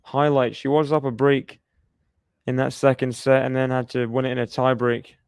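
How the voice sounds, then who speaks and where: A man's voice: mid-range voice, flat delivery, normal speed, gravelly, clear, resonant tone, dry recording, studio quality. A man giving chatty live play-by-play commentary on a tennis match, laughing often and cheering the players on.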